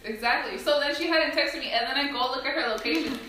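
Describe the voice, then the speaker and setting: A woman's voice: high voice, fast, bright, forceful tone, slight background noise. A young woman co-hosting a podcast, telling a story with dramatic retorts and swearing. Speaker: podcast co-host. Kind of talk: casual storytelling chat. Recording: very echoey room, mic far off.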